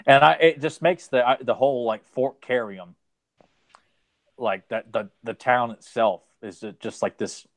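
A podcast co-host with a medium-pitched voice and measured pace chats casually about an old cartoon, rambling with enthusiastic fan talk. The studio-quality recording has no echo.

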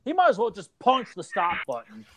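A man's voice: high voice, a little fast, a little hiss or hum. A man in his thirties on a podcast, rambling through childhood stories with lots of restarts. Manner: rambling, animated storyteller with restarts. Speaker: podcast co-host. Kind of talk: casual chat, storytelling.

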